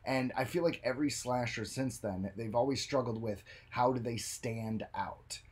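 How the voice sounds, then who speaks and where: Male podcast co-host, husky, animated storyteller, casual chat. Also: medium pitch, moderate pace. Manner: animated storyteller, jumps into joking voices.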